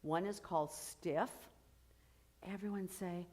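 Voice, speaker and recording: A woman's voice: fairly low pitch, lively intonation, a little slow. A woman coaching a choir through vocal technique, explaining and encouraging as she demonstrates. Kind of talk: rehearsal vocal instruction.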